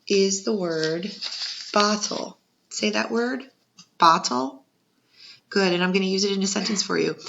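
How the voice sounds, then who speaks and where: A woman's voice: fairly low pitch, vocal fry, fairly bright tone. A woman teacher giving a patient second-grade spelling lesson, sounding out syllables and encouraging young learners. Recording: muffled lo-fi recording.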